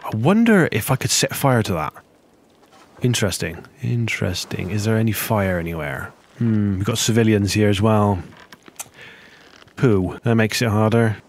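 Chatty man with a low voice. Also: animated, moderate pace, slight background noise. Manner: chatty, muttering to himself, sudden high-pitched exclamations. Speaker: gameplay commentator. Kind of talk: let's play commentary.

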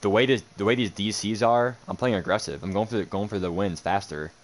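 Low-voiced young guy streaming a football game, grumbling and cursing at his opponent. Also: brisk. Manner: frustrated, swearing, sarcastic muttering. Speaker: gaming streamer. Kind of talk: live game commentary.

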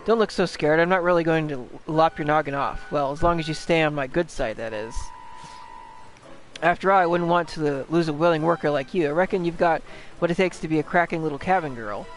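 A man's voice: fairly high pitch, fairly quick, soft background music, close to an everyday voice, low-quality recording. A man doing a rowdy skeleton pirate. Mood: mock menacing. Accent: put-on British pirate accent. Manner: gruff, rough sailor slang, teasing threats. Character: rowdy male skeleton pirate sailor, bossy and jokey. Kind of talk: reading game dialogue aloud in voices.

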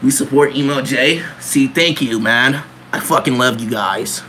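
A man's voice: mid-range voice, unhurried, pushed and bright, slight background noise. A young man livestreaming in a joking emo persona, full of mock-teen slang and frequent laughter.

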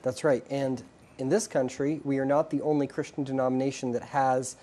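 Male priest guest, mellow warm tone, calm, measured answers. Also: mid-range voice. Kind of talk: interview answers.

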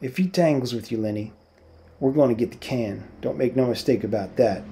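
A man reading aloud, voicing a worried, protective ranch hand who gives quick, urgent warnings. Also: medium pitch, dark tone, natural voice.

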